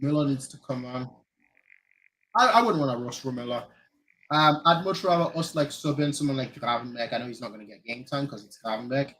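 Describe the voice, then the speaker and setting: A man's voice: medium pitch, fairly quick, fairly bright tone, low-quality recording. A man from Germany hosting a fan channel, chatting casually during a live match watchalong, rambling and repeating himself with lots of "like". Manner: rambling, repeats phrases, frequent "like". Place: lives in Manchester.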